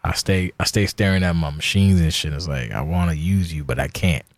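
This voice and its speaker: A man in his forties hosts a casual solo podcast, rambling, swearing, and running himself down. His voice is low-pitched and a little fast, with no room sound.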